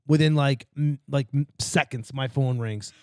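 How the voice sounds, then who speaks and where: A man telling a story in a casual podcast chat, rambling and swearing. He jumps into loud acted-out quotes of the people in the story. His voice is mid-pitched and recorded dry and close. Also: unhurried, dry recording. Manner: profane, rambling, acts out quotes loudly. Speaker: podcast host.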